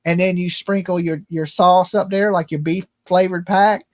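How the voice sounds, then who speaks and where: Male stream host, high voice, loose profane joker, dry close sound. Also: steady tone, normal speed, no echo. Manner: loose, rambling and profane, jokey phone-prank banter. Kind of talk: casual joking livestream chat.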